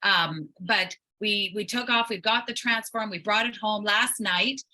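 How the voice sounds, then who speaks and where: A woman's voice: mid-range voice, measured pace, bright, forceful tone, rough recording. A woman on an online call telling a chatty story with many fillers. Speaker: guest sharing a testimonial.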